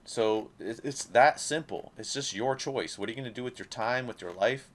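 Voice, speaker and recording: A man's voice: mid-range voice, moderate pace. A man giving a passionate, profane, rambling monologue as an independent creator speaking to camera. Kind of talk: casual talking-head monologue.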